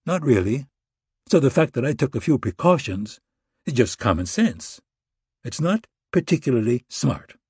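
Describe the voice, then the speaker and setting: A man narrating an audiobook, voicing a smug, injured American traitor who speaks in a calm, amused and condescending way. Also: medium pitch, normal speed, husky, dry recording, clean studio sound, full character voice.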